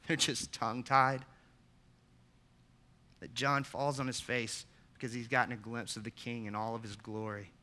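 A man, the pastor, preaching a sermon with earnest emphasis, putting direct questions to the congregation and rising to loud, emphatic peaks. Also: mid-range voice, level tone, a little slow, long pauses. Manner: asks the listeners direct questions.

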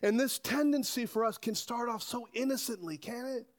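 A man preaching a sermon to a congregation, animated and asking rhetorical questions. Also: very high-pitched, normal speed. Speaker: pastor.

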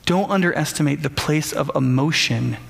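A man's voice: on the high side, normal speed, creaky, long reverb tail. A man preaching a sermon in a conversational way, often stammering and restarting and putting questions to the listeners.

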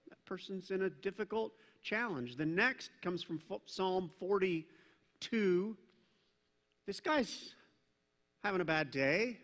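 Bright-voiced pastor preaching in a hall. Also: male voice, sits high, slow pace. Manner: conversational, animated preaching with asides. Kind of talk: sermon. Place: church sanctuary. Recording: reverberant church hall.

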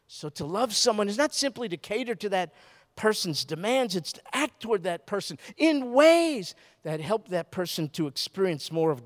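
Older man preaching in a reverberant hall. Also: sits high. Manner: conversational, animated storytelling with rhetorical questions. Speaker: pastor. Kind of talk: sermon.

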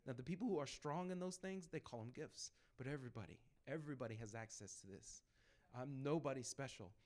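A man telling personal evangelism stories to a church group in a lively, conversational way, acting out the people he quotes. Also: medium pitch, a little fast. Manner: animated storytelling, acts out quoted voices. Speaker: church speaker sharing testimony.

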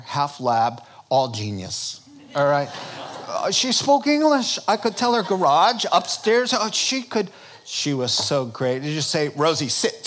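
A man preaching a sermon with a fairly high voice. He tells his points as lively, humorous stories and often restarts his phrases as he goes. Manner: animated, humorous storytelling with frequent restarts. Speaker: pastor.

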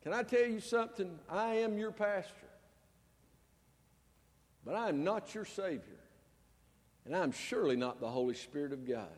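A male pastor preaching a sermon in a high-pitched voice. He swings from loud outbursts down to hushed, quiet lines, and a long reverb from the hall trails each phrase. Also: expressive, moderate pace, long pauses.

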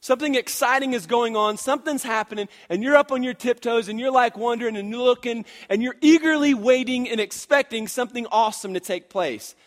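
A man in his thirties preaching a sermon, swinging from loud emphatic passages to quiet storytelling, with frequent "and, and" restarts. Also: extremely high pitch, a little fast, hardly any pauses. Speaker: pastor.

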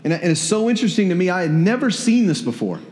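A man's voice: sits high, very animated, fast, darkish tone. A man preaching a sermon in a church, conversational, repeating words and asking the congregation questions. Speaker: pastor. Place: church hall. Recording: echoey hall.

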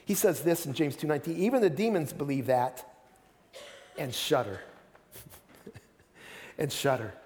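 A man's voice: on the high side, big pitch swings, unhurried, long pauses, darkish tone, big-room sound, a little hiss or hum. A man preaching a sermon as pastor, earnest, often repeating words as he starts a sentence.

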